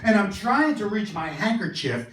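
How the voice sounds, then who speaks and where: A man in his fifties telling a comic personal story on stage, theatrical and animated. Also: moderate pace, echoey room, far from the mic. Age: 50s. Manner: animated, theatrical, swings into high wails. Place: small performance venue, indoors.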